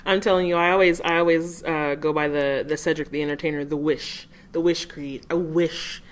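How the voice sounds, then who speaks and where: Low-voiced wry woman podcaster. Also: steady tone, moderate pace. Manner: wry, joking delivery with easy laughter. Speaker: podcast co-host. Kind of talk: casual news chat.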